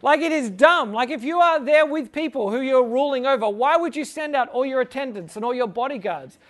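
A high-voiced man gives an informal Bible talk full of jokes. He chuckles along and leans on "like" as he retells the story in a casual teaching style. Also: animated, a little fast. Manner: jokey, chuckling, fills talk with "like".

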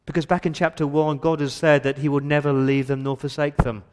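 A man's voice: fairly high pitch, little pitch movement, a little fast, darkish tone, smooth. A male pastor preaching an earnest, emphatic sermon in a church, often repeating words as he builds his point.

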